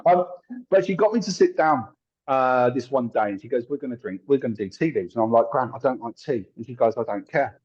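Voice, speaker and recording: Husky man telling stories. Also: mid-range voice, brisk, a little mellow. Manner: chatty, laughs often, acts out quoted voices. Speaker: guest, tarot reader and psychic medium. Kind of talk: casual storytelling in an interview. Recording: dull lo-fi sound.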